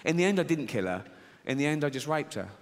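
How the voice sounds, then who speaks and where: A middle-aged man doing stand-up comedy, deadpan and swearing, acting out squeaky voices in a theater. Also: fast talker, big-room sound, heavy background noise. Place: large theater with audience. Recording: live theater, audience laughter.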